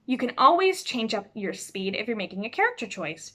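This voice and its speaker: A woman teaching students over a video call, speaking clearly and expressively as she explains reading aloud. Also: mid-range voice, moderate pace. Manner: clear, expressive, demonstrates voices. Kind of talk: instructional talk to students.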